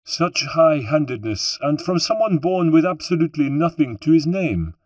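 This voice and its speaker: A man's voice: a little high, big pitch swings, moderate pace, a little mellow, no room sound, voice pushed up. Man playing a pompous French nobleman general. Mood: condescending. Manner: pompous, disdainful.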